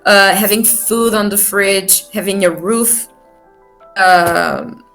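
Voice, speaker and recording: A woman guest on a podcast, talking in a slow, halting way with many fillers. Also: medium pitch, fairly even intonation, a bit bright. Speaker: guest musician. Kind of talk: casual interview chat. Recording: faint music underneath.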